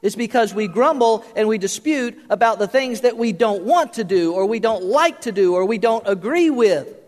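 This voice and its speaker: A man's voice: sits high, animated, moderate pace, a little mellow. Older man preaching in a reverberant hall. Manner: folksy, joking, with many fillers and restarts. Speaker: pastor. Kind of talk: sermon.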